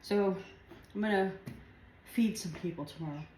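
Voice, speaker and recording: A home cooking vlogger chats casually as she cooks and tastes food in her kitchen, drifting from one thought to the next. Her voice is mid-range with a darkish tone and a moderate pace. The kitchen sounds echoey, with faint household noise in the background.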